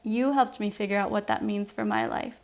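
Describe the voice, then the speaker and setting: A woman's voice: mid-range voice, fairly quick, creaky. A woman from New Mexico, around her thirties, reading a heartfelt, personal letter to her young daughter in an earnest, reflective way.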